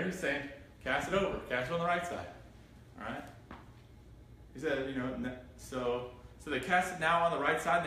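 An animated pastor with a slightly high male voice delivers an interactive Bible study sermon, reading scripture and questioning the group. He's in a church room, and the distant recording is echoey with faint noise.

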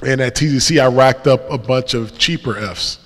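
Young male speaker, mid pitch, animated church testimony storyteller, big reverberant hall. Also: moderate pace. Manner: lively storyteller who acts out dialogue and laughs at himself. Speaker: guest speaker. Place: church sanctuary.

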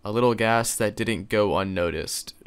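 A man's voice: on the low side, moderate pace, clean tone. A man reading fan fiction aloud on his channel, breaking off into sarcastic, profane, mock-outraged comments. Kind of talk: comedic reaction reading.

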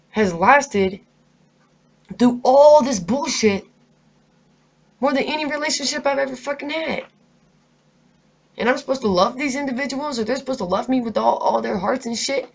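A woman's voice: on the high side, normal speed, vocal fry. A stressed, angry woman vlogger in an unscripted, profanity-heavy rant delivered straight to camera. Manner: profane, emphatic, heated.

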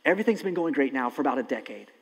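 A man preaching a sermon as pastor, impassioned, swinging between loud emphasis and hushed, slow lines. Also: mid-range voice, lively intonation, husky. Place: church sanctuary. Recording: long hall reverb.

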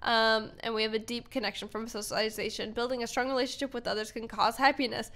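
A young woman talks through her gameplay in a casual, giggly way, thinking out loud as she plays. Her voice sits a little high for a woman. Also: little pitch movement, quick pace. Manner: chatty, giggly, thinking aloud while playing. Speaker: gaming YouTuber. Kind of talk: casual let's-play commentary.

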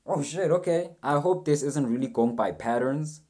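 A man's voice: on the high side, normal speed, a little mellow. Casual swearing young man reacting. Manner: swears freely, rambling and self-mocking. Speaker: reaction video host.

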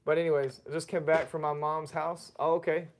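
A man's voice: on the high side, little pitch movement, fairly quick, slight background noise. A man, hosting a casual family livestream, chatty and reading out viewer messages. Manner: chatty, reads chat aloud, gives shout-outs.

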